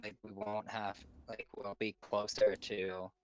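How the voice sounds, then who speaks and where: A man's voice: on the low side, level tone, a little slow, highs cut off. A man playing a tabletop game, suggesting ideas tentatively and going along easily. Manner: tentative, easygoing. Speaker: player. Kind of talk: casual chat.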